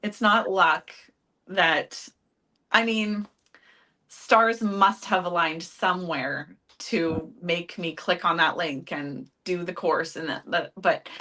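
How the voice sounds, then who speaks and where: A woman guest speaks on an interview podcast in a chatty, laughing way, often restarting her sentences. Her voice is pitched a little low yet sounds bright and forward. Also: takes it slowly. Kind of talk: casual interview chat.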